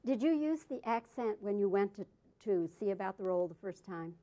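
A woman's voice: medium pitch, lively intonation, fairly quick, dark tone. Woman asking brief interview questions.

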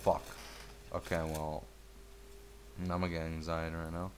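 Low, slow-talking gamer man. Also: level tone, noisy background. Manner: laid-back and mumbly, breaking into swearing, trash talk and yelps at the game. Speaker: gameplay commentator. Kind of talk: casual gameplay commentary.

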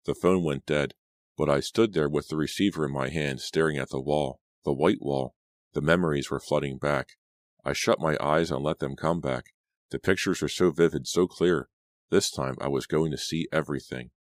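A man narrating an audiobook in the first person, with a measured storytelling delivery. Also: a bass voice, no echo, studio quality.

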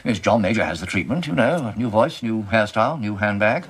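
A man's voice: on the low side, lively intonation, brisk, noisy background, lightly acted. An actor playing a wily, flustered male Labour politician who hesitates and stammers, in sitcom style. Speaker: politician character. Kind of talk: sitcom acting.

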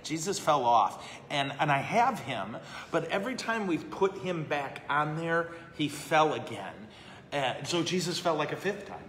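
A man's voice: on the high side, lively intonation, unhurried, a bit bright, slight background noise. A man, a priest, chatting casually and answering questions live, self-deprecating and laughing often. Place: brewery. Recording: echoey room with long reverb.

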